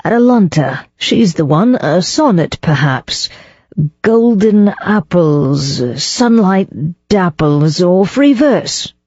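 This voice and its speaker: A woman's voice: low voice, lively intonation, darkish tone, husky, no room sound, muffled recording, heavily acted. A woman voicing a pensive, dreamy young male poet in an audiobook. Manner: pensive, musing, slow.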